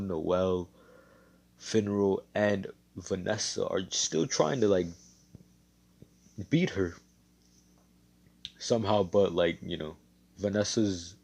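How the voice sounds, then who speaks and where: Guy rambling thru a made-up fan story, lots of you knows, low husky voice. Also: darkish tone. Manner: rambling, filler-heavy. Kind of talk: improvised fan-story narration.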